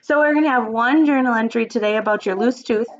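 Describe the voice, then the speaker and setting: Upbeat kindergarten teacher lady reading a storybook on webcam, higher voice, kinda muffled. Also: quick pace, noisy background. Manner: animated and encouraging. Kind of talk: read-aloud and virtual lesson.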